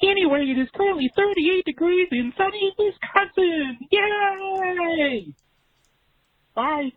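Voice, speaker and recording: A man's voice: very high-pitched, animated, slow, no echo, heavily acted. A man putting on a goofy, nasal frog-like voice as a caller, heard over a tinny phone voicemail.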